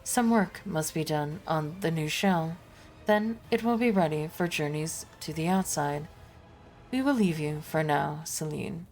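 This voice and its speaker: A woman voicing a solemn machine spirit that speaks as a plural being, in a slow, measured delivery. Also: deep voice, darkish tone.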